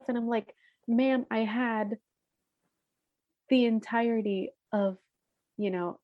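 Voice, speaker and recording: A woman chatting casually as a podcast co-host. She talks in an animated way and tells anecdotes. Her recording sounds dull and a little lo-fi. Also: on the high side, takes it slowly, pauses often. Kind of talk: casual chat.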